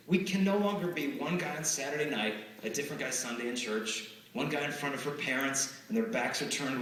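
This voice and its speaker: A man's voice: a little high, slight background noise. Man speaking in an echoey hall. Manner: lively storytelling, acting out quoted exchanges. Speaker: chastity speaker at schools. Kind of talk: live motivational talk to students. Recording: echoey hall, far from the mic.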